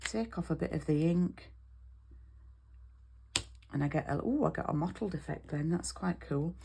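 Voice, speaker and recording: A woman's voice: deep voice, normal speed, vocal fry, warm tone, husky. A British woman demonstrating card making in an online class, chatty and step by step, checking in with "okay?" as she goes.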